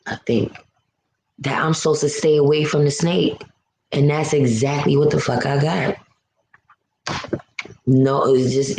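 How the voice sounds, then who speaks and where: A low, mellow-voiced woman talks straight to her live-stream viewers, blunt and emotional, cursing freely and stretching out the words she stresses. Her voice rings in a roomy echo over a faint hiss. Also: steady tone, normal speed, vocal fry. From New York City.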